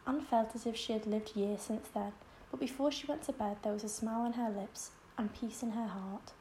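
A woman reading a classic novel aloud as an audiobook narrator, in calm, measured storytelling. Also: a little high, slight background noise, rough recording.

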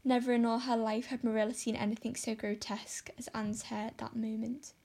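A woman reading a classic novel aloud as narrator, in a measured way. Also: a little high, level tone, gravelly, mellow, slightly rough. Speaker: audiobook narrator. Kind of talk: storybook narration.

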